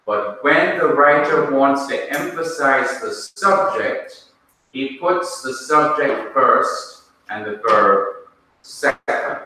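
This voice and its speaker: A man with a Jamaican accent teaching a language class in a classroom, speaking deliberately and quizzing his students with questions. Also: medium pitch, sharp tone. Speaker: Bible teacher. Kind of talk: classroom lecture. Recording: echoey room, mic far off.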